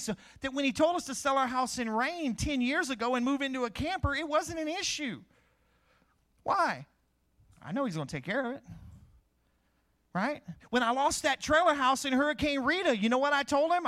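A man's voice: very high voice, a bit bright. A middle-aged man preaching a sermon, asking questions and answering them himself.

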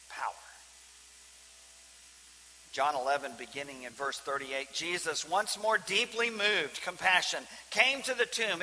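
Dramatic preacher in a reverberant hall. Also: male voice, on the high side. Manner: dramatic swings from loud emphasis to hushed near-whispers. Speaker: pastor. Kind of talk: sermon. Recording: reverberant hall with faint hiss.

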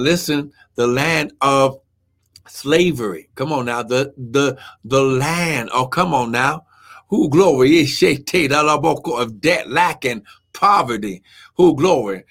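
A man's voice: a little high, a bit bright. A man preaching a live-streamed sermon, fervent and full of "amen" and "glory" exclamations, who talks to viewers while looking up his verses.

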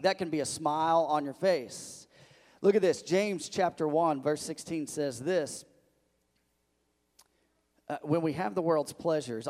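A middle-aged pastor preaches a sermon in a slightly high voice. He tells stories animatedly, often restarting his sentences. His words ring out with the long reverb of a church hall. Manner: animated storytelling with many restarts.

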